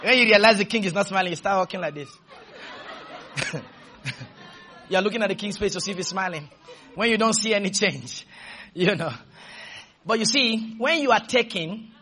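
High, husky, shouting preacher. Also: male voice, lively intonation, a faint crowd. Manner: shouting, drawn-out preaching with call-and-response. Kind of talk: sermon.

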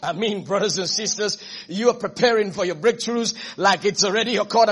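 A man's voice: high voice, fairly quick, a bit bright, slightly rough. A man preaching a sermon as pastor, emphatic, repeating phrases and often asking the congregation if they are listening.

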